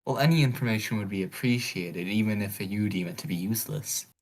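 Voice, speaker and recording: A man's voice: on the low side, brisk, low-quality recording. A man playing a tabletop game over a call, polite and curious, asking questions. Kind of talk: casual chat.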